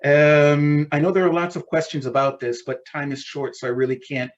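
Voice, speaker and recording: A man giving a lecture in an online class, explaining in a plain and unhurried way. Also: on the high side, flat delivery. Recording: muffled lo-fi audio.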